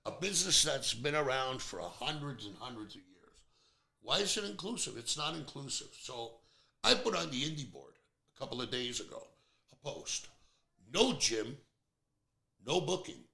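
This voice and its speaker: A man's voice: mid-range voice, big pitch swings, normal speed, creaky, sharp tone. A man in his fifties hosting a podcast, talking bluntly and airing strong opinions in a casual chat. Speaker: podcast host. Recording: roomy echo.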